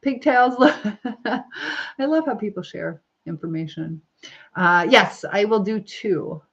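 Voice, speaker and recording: A woman's voice: mid-range voice, slow pace. A middle-aged woman hosting a casual live stream, chatting and laughing as she reads viewer comments while styling her hair. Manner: chatty, rambling, frequent laughs. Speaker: livestream host reading viewer comments. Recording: slightly dull lo-fi sound.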